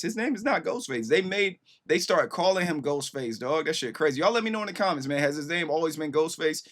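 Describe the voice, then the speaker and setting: A man in his thirties giving casual reaction commentary as host, excitable and slangy, swearing freely and talking straight to his viewers. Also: medium pitch.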